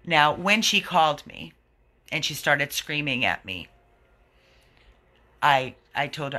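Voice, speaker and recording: A man's voice: medium pitch, animated, normal speed, sharp tone. A man who runs an animal rescue, giving an indignant, earnest video update to his followers.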